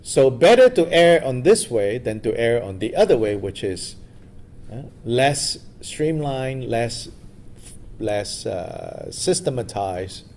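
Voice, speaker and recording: Man, meditation teacher, retreat talk, gravelly, warm low tone. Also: big pitch swings, slow, a little hiss or hum. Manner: loose, storytelling, many fillers.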